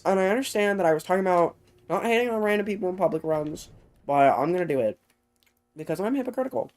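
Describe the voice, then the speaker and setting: A young streamer with a high-pitched voice talks fast while casually commentating on his gameplay. He's animated, rambles, interrupts himself, and runs short of breath.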